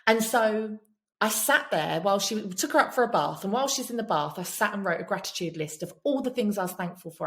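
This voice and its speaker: A woman's voice: mid-range voice, expressive, brisk. A woman guesting on a podcast, telling personal stories in a candid, emphatic way and swearing freely. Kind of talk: candid storytelling chat.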